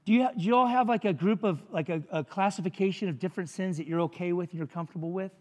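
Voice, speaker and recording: A man's voice: high-pitched, rapid-fire, in a large hall. A man preaching a sermon as pastor, conversational and jokey, with frequent asides to the congregation.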